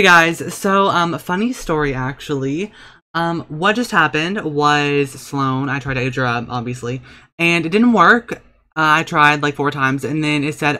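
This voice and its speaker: Campy young guy doing game commentary at his desk, bright voice, a bit high, lots of sass and swearing. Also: a little slow. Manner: campy, sassy, swears a lot, swings between cooing and outbursts. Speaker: gaming channel host. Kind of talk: casual let's-play commentary.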